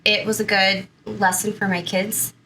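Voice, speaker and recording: A woman's voice: mid-range voice, level tone, a little slow, sharp tone, a little hiss or hum, poor audio. A woman in her thirties from Southern California, a guest in an interview, telling her own story in a chatty way full of "like" and "you know".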